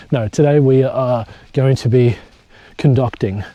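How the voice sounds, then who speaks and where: A young man vlogs his camping trip outdoors, talking straight to a nearby camera. His voice is mellow and dark, sitting at an ordinary middle pitch. He chats loosely, cracks jokes and drops the odd swear word. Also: slow pace, dry recording, highs cut off. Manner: chatty, joking, swears casually. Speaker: hiking vlogger. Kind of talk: casual solo vlog to camera. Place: outdoors in bush at a campsite.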